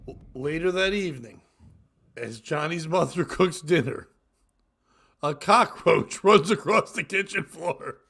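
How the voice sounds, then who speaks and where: A man co-hosting a comedy podcast, reading crude jokes aloud and breaking into loud laughter. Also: fairly high pitch, measured pace, vocal fry, breathy edge. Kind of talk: casual comedy podcast chat.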